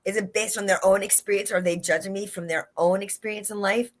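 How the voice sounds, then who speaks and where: A woman with a medium-pitched, fairly even voice speaks fairly quickly, earnestly giving a motivational talk. She is a life and leadership coach appearing as a guest in a livestream interview over video call, and she repeats her key phrases to emphasize them.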